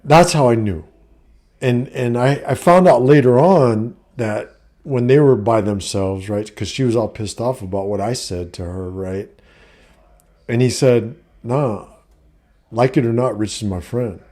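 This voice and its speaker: A man's voice: mid-range voice, unhurried, dark tone. A middle-aged man telling a personal story in a casual vlog, blunt and profane, with lots of fillers. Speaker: vlogger giving life advice.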